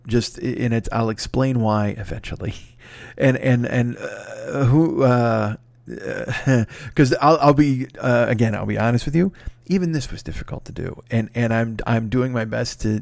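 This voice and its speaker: The podcast host, sick and rambling, swears his way through a casual solo announcement with frequent restarts. His mid-range voice carries vocal fry, and the studio-quality recording has no echo.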